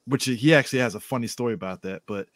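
A man co-hosting a podcast in casual chat, an animated storyteller who laughs often and acts out quoted lines. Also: medium pitch, quick pace, dry recording. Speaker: podcast co-host.

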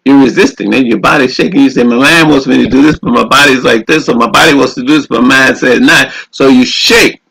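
A man's voice: medium pitch, fast, creaky, hardly any pauses, fairly bright tone, slightly rough, rough recording. A man, a radio minister, preaching and telling a personal story in a fervent, repetitive exhorting way. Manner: exhorting, repeats phrases, calls out "glory to God".

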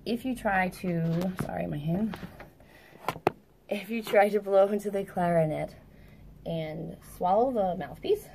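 A young woman who teaches music gives a casual clarinet tutorial while sitting indoors at a table, chatty and quick to correct herself. Her voice is medium in pitch and gravelly, with heavy background noise.

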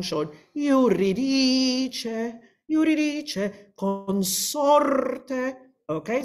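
A woman vocal coach walks through singing rules in a brisk lecture. She talks quickly and now and then sings short example phrases to make a point. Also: mid-range voice, darkish tone.

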